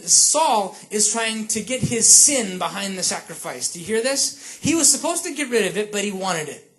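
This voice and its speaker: With a slightly bright, mid-range voice, this pastor keeps his sermon conversational and chatty. Frequent asides let him check in with the listeners, and he brings the scripture story to life by performing each character.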